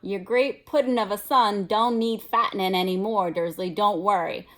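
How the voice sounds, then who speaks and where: Woman doing Hagrid, a booming gruff giant. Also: steady tone, normal speed, close to an everyday voice. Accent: attempted West Country English. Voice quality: loud, booming, dropped word endings. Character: huge gruff good-natured giant man, quick-tempered. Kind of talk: read-aloud storybook voice.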